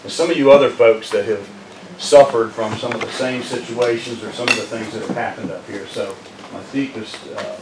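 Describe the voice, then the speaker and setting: A man speaking as county manager at a public meeting, measured and apologetic with frequent fillers. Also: mid-range voice, fairly even intonation. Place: community meeting room. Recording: echoey room from far off, noisy.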